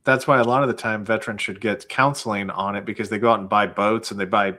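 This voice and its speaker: Male guest, lower pitch, relaxed explainer, filler-heavy delivery. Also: fast talker. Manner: explains plainly with many likes and fillers. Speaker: guest, claims processor. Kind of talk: casual explanatory chat.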